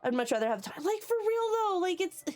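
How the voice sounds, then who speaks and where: A woman's voice: extremely high pitch, big pitch swings, fast talker, a little mellow, soft background music. A woman streaming live who chats casually with her viewers, rambling, swearing freely and laughing often. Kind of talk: casual chat. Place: home basement.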